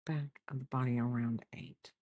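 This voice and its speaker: A woman's voice: rumbling low, fairly even intonation, moderate pace, dark tone, dry recording, muffled recording. A middle-aged American woman livestreaming while she crochets, chatting casually and rambling as she answers her viewers. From United States. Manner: rambling, chatty, answers chat between stitches. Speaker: livestreamer crafter.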